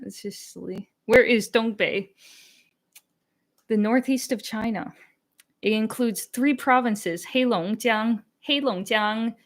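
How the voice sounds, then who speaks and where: A chatty young woman hosts a casual live stream, reading out and answering viewers' comments. Her voice sits in an ordinary middle pitch. She talks candidly, laughs easily and mixes in bits of Chinese. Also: fairly bright tone. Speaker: language-learning channel host.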